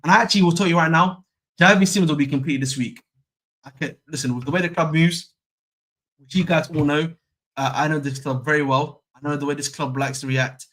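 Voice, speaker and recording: A man's voice: on the high side, fairly quick, a bit bright. A young man hosting a football fan stream, chatting casually, repeating himself and using slang. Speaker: football channel host. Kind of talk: casual live-stream chat.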